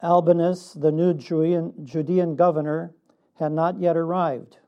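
A man preaching a sermon in a measured way, with a laugh now and then. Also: a little high, level tone, dark tone, muffled recording. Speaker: pastor.

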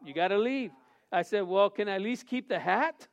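A man's voice: sits high, moderate pace. A man who is a pastor, preaching a sermon and telling a funny personal story, acting out the dialogue and laughing often.

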